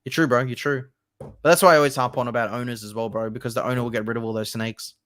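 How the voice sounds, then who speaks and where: A young male host in a casual football talk, speaking with passion and swearing freely. His voice sits in an ordinary middle pitch. The recording is dry and close, with no room sound. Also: steady tone, quick pace, a bit bright, dry recording. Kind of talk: casual chat about football.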